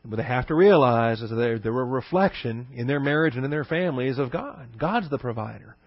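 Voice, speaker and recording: A man's voice: mid-range voice, animated, fairly quick, no room sound, highs cut off. A man preaching a teaching sermon in a conversational way, with rhetorical questions, fillers and restarts. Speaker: pastor.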